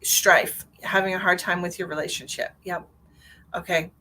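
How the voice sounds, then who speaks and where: A woman giving a live-streamed psychic reading in a chatty, animated way, with many restarts and a lot of "like". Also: lowish voice, normal speed, slight background noise, low-quality recording. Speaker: psychic medium.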